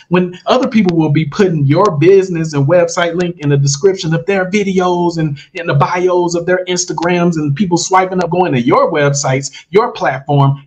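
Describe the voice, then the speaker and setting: A man's voice: on the high side, a little hiss or hum. A man hosting a casual livestream, giving a hyped, salesy pep talk straight to his viewers, full of slang and repeated phrases for emphasis. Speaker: host of an online money-making livestream.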